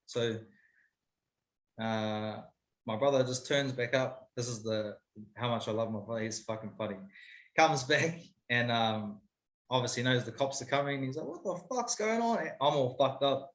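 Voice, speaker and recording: A man tells his story openly and casually, cursing freely as he goes. His voice is bright and tense at the edges. The recording carries a noticeable room echo. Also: medium pitch. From New Zealand. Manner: candid, swears freely, animated retelling. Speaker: guest, MMA fighter. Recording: roomy echo.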